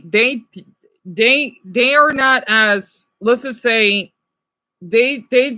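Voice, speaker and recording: A woman streamer reacting to videos in casual, rambling chat, excitable and talking back to her viewers. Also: fairly high pitch, dry recording.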